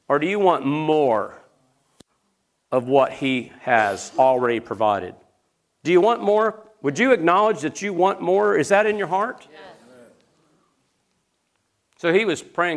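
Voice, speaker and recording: A man preaching a sermon, swinging between loud, rising questions to the crowd and low, hushed storytelling. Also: lively intonation, unhurried, long pauses.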